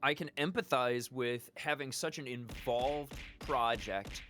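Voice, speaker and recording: A man's voice: medium pitch, measured pace, music in the background. A man from Chicago chatting as a podcast guest from home, rambling with restarts and laughing easily. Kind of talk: casual chat.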